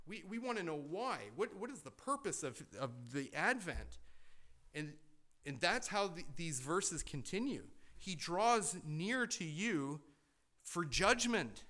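Emphatic preaching man, fairly high voice. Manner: conversational preaching with rhetorical questions and repeated restarts; swings between loud emphatic lines and quiet asides. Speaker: pastor. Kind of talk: sermon.

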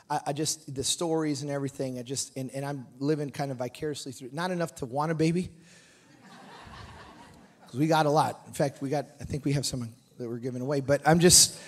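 Give me a middle-aged man preaching a revival sermon in church, high-voiced and lively, mixing jokes with shouted emphasis. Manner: animated, joking asides, rising to shouted emphasis. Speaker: pastor. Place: church sanctuary.

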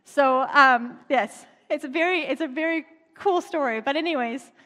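A woman's voice: sits high, normal speed, sharp tone. A woman preacher retelling a story in a chatty, conversational sermon, in a church. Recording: long reverb in a large hall.

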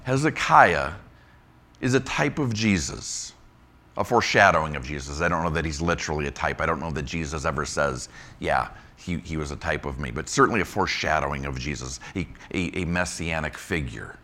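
Bright-voiced man teaching scripture. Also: extremely low pitch, fairly quick. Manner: conversational, animated, rhetorical questions. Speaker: pastor. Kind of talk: Bible teaching sermon.

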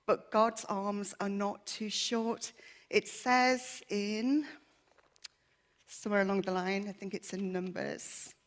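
A woman's voice: mid-range voice, fairly even intonation, slow. A woman giving an earnest, emotional personal testimony in church, her voice shaky at times. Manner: earnest, emotional, with many fillers.

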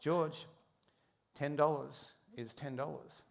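A man voicing a stubborn, thrifty older woman who flatly refuses. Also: a little high, slow, creaky, pitched below the performer's own voice. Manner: flat, firm refusal.

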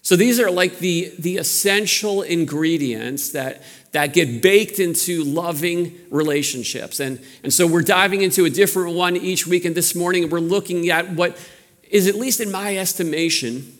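A man with a New York accent, preaching a sermon in a relaxed, storytelling way with frequent restarts. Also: high voice, moderate pace, long reverb tail. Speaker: pastor.

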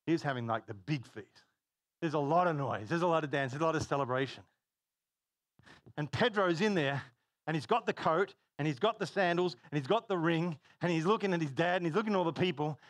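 A man preaching a sermon, telling stories in an animated way and laughing at his own jokes. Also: on the high side, brisk, dry recording. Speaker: pastor.

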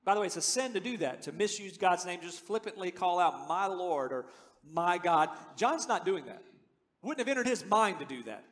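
High-voiced preacher in a reverberant hall. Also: male voice, very animated, a little fast, a bit bright. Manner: earnest, conversational, rising to emphatic declarations. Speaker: pastor. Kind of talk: sermon. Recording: long reverb of a large hall.

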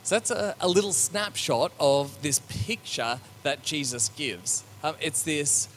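A man's voice: a little high, expressive, unhurried, a bit bright. Guy giving a sermon, chatty and reflective, lots of ums and restarts, faint noise in the background. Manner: conversational, with many fillers and restarts; reflective and searching. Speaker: preacher.

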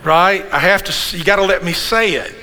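A man's voice: high-pitched, fairly quick, bright, forceful tone. A middle-aged man preaching a sermon in a church, conversational and jokey, often checking in with the congregation. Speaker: pastor. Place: church hall. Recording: long hall reverb, faint room noise.

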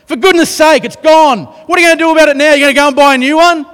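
A man voicing a furious, exasperated man who berates a careless worker with rapid-fire shouted questions, in a reverberant hall. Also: very high voice, pitched above the performer's own voice.

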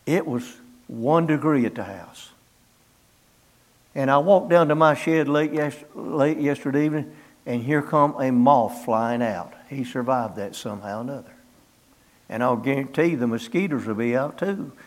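A man's voice: medium pitch, normal speed. A middle-aged man preaching a sermon in a folksy storytelling way, acting out biblical dialogue in plain country speech.

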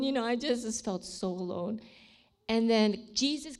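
A woman's voice: fairly high pitch, moderate pace, a little mellow. A woman sharing a personal faith testimony with emotion, sometimes dropping to a near-whisper at dramatic moments. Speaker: ministry leader sharing a testimony.

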